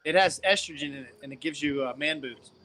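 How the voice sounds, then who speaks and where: A man in casual podcast chat who drops blunt, flat one-liners and half-serious claims. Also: on the high side, quick pace, rough recording.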